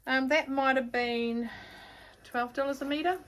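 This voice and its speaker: A woman's voice: high-pitched, steady tone, measured pace, fairly bright tone, a little hiss or hum. A middle-aged woman with a New Zealand accent, chatting to camera about fabric in a rambling, self-mocking way. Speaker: sewing vlogger. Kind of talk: casual chat to camera.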